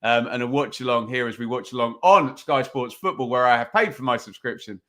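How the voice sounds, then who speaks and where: Talking a little fast into a desk microphone, a man hosts a live football watch-along from his home streaming setup. His bright, forward voice sits mid-pitch as he chats loosely, reads viewer comments and wanders into casual play-by-play.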